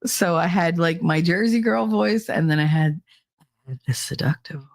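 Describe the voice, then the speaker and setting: A middle-aged woman with a fairly low voice hosts a live podcast stream at a moderate pace, chatting casually with viewers. She teases, swears, and laughs often.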